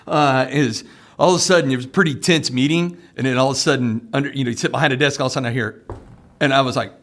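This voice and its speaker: A man's voice: medium pitch, quick pace, fairly bright tone. A middle-aged man hosting a podcast, telling stories in a casual chat and often tagging his lines with "right?". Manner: storytelling, tags lines with "right?". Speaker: podcast host.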